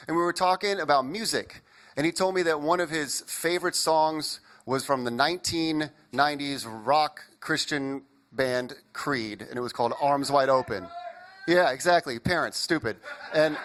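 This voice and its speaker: A young man from Indiana performing an animated stand-up comedy set, riffing with the crowd. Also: a little high. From Indiana, USA.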